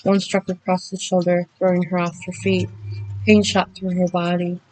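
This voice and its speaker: A woman narrating a horror story dramatically, speeding through action and slowing for suspense. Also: lowish voice, level tone, darkish tone, slight background noise, low-quality recording.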